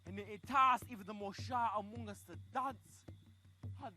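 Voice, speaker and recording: A man performing a comic story, chatty and animated, swinging from hushed asides to loud outbursts. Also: sits high, moderate pace, soft background music.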